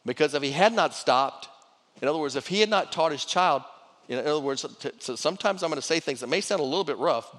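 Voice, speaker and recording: A man's voice: a little high, expressive, fast, a bit bright. A middle-aged man preaching a sermon to his church in a conversational way, repeating words and restarting phrases as he goes. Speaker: pastor. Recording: long hall reverb.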